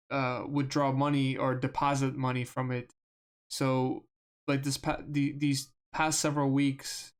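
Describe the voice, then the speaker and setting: A man's voice: mid-range voice, clean tone. Earnest young male game streamer. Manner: earnest, halting, with many restarts and fillers. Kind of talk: casual chat while live streaming a game.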